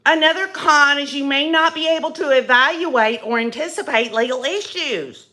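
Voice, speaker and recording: A woman's voice: sits high, moderate pace, hardly any pauses, pushed and bright. A woman hosting her own channel, delivering a mocking, sarcastic comedy monologue in character with crude asides. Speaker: host of a satirical channel.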